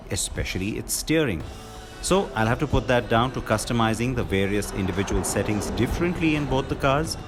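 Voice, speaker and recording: A man narrating a scripted car review in a measured, confident manner. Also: fairly low pitch. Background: music.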